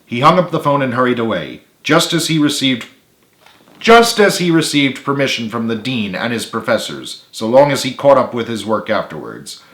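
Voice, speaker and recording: Man, author narrating storybook, steady read-aloud, mid pitch, roomy echo. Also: normal speed. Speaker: author reading his book.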